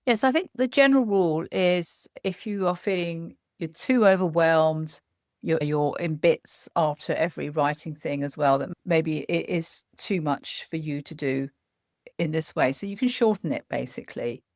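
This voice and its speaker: Woman therapist, slightly gravelly, dry close mic, gentle explainer. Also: low-pitched, moderate pace, no echo. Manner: gentle, explanatory, frequent "as well". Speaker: psychotherapist guest. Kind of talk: podcast conversation giving practical tips.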